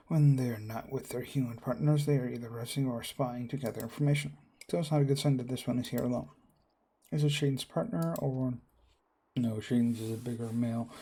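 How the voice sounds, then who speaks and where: Man streamer reading a visual novel aloud, dark husky voice with gravel, all parts in his own voice. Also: mid-range voice. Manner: reads all characters and narration in his own voice, reacting aloud. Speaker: game streamer.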